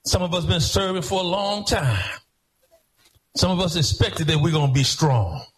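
High-pitched preaching man, singsong and shouted. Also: expressive, moderate pace, poor audio. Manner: rhythmic preaching, swings between sung and shouted phrases. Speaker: pastor. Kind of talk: sermon. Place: church.

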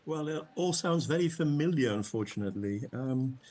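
A man from Flanders, a native Dutch speaker with a Flemish accent, a guest speaking in a wry, deliberate way. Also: medium pitch, expressive, darkish tone, slightly rough. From Flanders, Belgium. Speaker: panel guest.

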